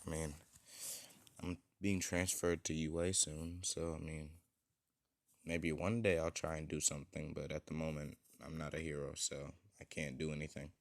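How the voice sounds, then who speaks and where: A man voicing a shaken teenage girl swordswoman who speaks hesitantly and quietly. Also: a bass voice, level tone, normal speed, no room sound, clean studio sound. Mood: subdued.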